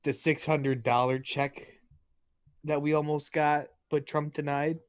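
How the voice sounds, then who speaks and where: A man hosting a comedy podcast, swearing freely in crude, lively banter. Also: fairly high pitch, unhurried, clean tone, no room sound, lo-fi sound. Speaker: podcast host. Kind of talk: casual comedic chat.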